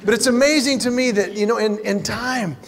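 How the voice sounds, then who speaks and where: A man performing stand-up comedy, telling animated stories and acting out what other people said. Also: very high-pitched, brisk, a crowd in the background. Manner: animated storytelling, acts out other people's lines. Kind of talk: stand-up comedy to a live audience. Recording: hall reverb with faint noise.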